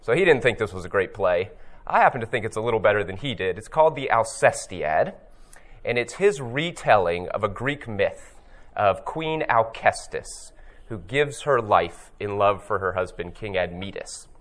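A man teaching about scripture in a reflective, storytelling way, slowing down to stress key phrases. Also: fairly low pitch, lively intonation. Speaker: Bible teacher.

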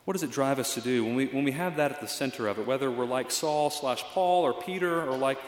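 A man's voice: mid-range voice, quick pace, roomy sound, long reverb tail, slight background noise. A male pastor giving a reflective, conversational sermon with frequent fillers.

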